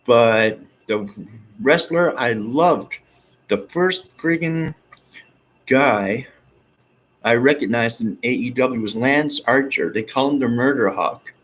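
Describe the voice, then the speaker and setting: A man vlogging in a rambling, excitable monologue, with some swearing. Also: medium pitch, takes it slowly, rough recording. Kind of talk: casual monologue.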